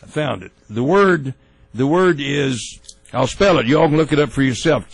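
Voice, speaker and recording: A man hosting a talk radio show, giving opinionated commentary in a folksy, halting way with many fillers and restarts. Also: fairly high pitch, expressive, gravelly, slightly rough, no room sound, poor audio.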